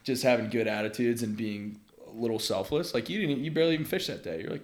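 A man in his thirties, a podcast guest telling stories in casual conversation, lively and laughing often. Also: medium pitch, fast talker.

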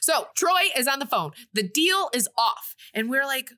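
A woman co-hosting a podcast, telling a movie's plot in a casual, animated way and slipping into playful voices for the characters. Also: high-pitched, moderate pace. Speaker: podcast co-host recapping a movie. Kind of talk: casual chat.

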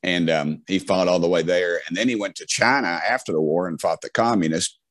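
Deep-voiced Southern man telling folksy stories. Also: brisk, a bit bright, dry recording. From Tennessee. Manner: folksy, many restarts and fillers. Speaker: interview guest. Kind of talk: casual storytelling.

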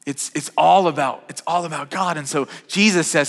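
Bright-voiced preacher in a reverberant hall. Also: male voice, on the high side, moderate pace, creaky, hardly any pauses. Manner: conversational, many restarts and repeated words. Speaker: pastor. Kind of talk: sermon. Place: church sanctuary.

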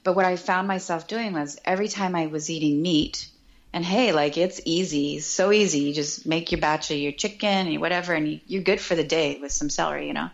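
A middle-aged woman talking as a podcast guest, chatty and animated, often acting out quoted remarks. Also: low-pitched, brisk, vocal fry, dull audio. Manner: animated and chatty, quotes herself and others in lively voices. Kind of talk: casual podcast conversation.

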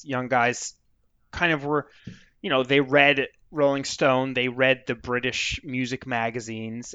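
A man's voice: medium pitch, pushed and bright, clear, resonant tone, dry recording. Digressive American man, dull dry sound. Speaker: author guest. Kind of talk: casual interview.

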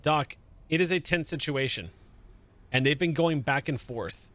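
A man narrating as game master in a relaxed, chatty way, with frequent fillers. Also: on the high side, a little slow, no echo.

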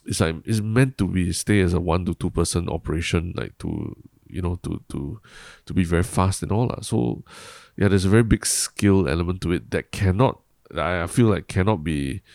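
Gravelly low-voiced Singaporean man. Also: a little fast, a little mellow, no echo, studio quality. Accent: Singaporean English. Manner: rambling, hesitant, many restarts and fillers. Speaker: podcast co-host. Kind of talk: casual chat.

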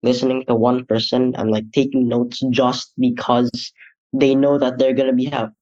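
A man's voice: medium pitch, flat delivery, moderate pace, a little mellow. A teenage boy hosting a student podcast, speaking casually and loosely, often reaching for words with fillers. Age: teens. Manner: loose, searching phrasing with many "like" fillers. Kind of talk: casual interview. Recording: dull lo-fi audio.

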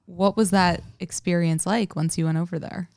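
A podcast host asks short, relaxed follow-up questions in a casual interview. The voice is smooth and resonant, recorded dry and close. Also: mid-range voice, normal speed, no room sound.

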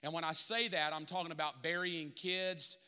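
A male pastor preaching an animated sermon, acting out Bible characters in a church sanctuary. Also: fairly high pitch, normal speed, smooth. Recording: reverberant church hall.

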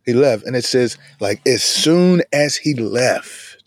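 A man hosting a casual devotional podcast from inside his van, talking in a relaxed, chatty way and often saying "man". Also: mid-range voice, slow pace, no room sound, clean studio sound. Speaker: podcast host. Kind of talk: casual devotional bible talk. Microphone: video camera in a van.

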